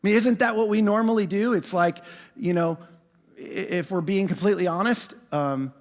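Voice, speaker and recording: A high-pitched male pastor preaching in a big church auditorium, his words trailing off into a long echo. He leans hard on his key phrases and repeats himself for emphasis, stretching certain words out slowly. His lines reach the room through a stage microphone. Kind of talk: sermon.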